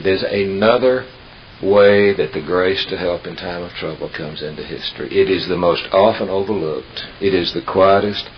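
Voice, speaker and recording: A man preacher giving a sermon, telling humorous stories in an unhurried, folksy way with emphatic pauses. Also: low-pitched. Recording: dull lo-fi tape with hiss.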